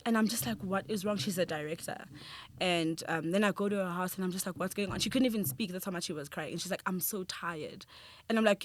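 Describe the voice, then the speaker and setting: A woman's voice: fairly low pitch, quick pace, dry recording. A woman film director talking as a podcast guest, earnest and reflective, with frequent restarts and easy laughter. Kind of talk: conversational podcast interview.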